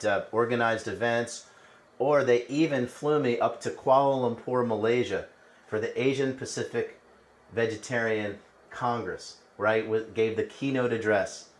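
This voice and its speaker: A man's voice: on the low side, recorded from a distance, poor audio. A man hosting a travel channel, telling stories in a conversational way with restarts and asides to the listener. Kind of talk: casual storytelling monologue.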